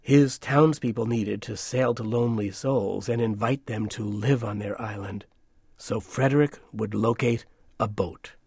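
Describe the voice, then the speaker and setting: A man narrating a storybook in a measured, hushed, gentle way. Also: lowish voice, gravelly.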